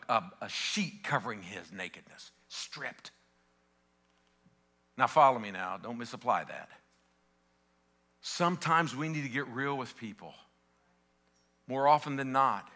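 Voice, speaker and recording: A middle-aged man preaching a passionate sermon in a church, calling out to the congregation and dropping from loud shouting peaks to quiet storytelling. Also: medium pitch. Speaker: pastor. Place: church sanctuary.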